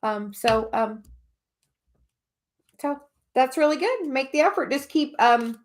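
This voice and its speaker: Woman host doing relaxed live card readings; higher voice, loose and meandering delivery. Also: takes it slowly, a little hiss or hum. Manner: rambling, many fillers and restarts. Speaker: oracle card reader hosting a livestream. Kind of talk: casual livestream reading.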